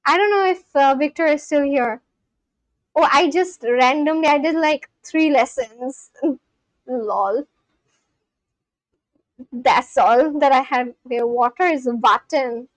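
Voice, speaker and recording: High-voiced woman chatting on stream. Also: takes it slowly, long pauses, no room sound. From India. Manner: thinks aloud, answers chat questions, repeats practice phrases with many restarts. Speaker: livestreamer learning a language. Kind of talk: casual live-stream chat.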